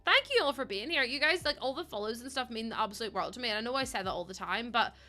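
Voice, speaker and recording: Chatty bright-voiced young woman streamer. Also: a little high, racing. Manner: chatty, laughs often, acts out quoted voices. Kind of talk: casual chat while live-streaming a building game.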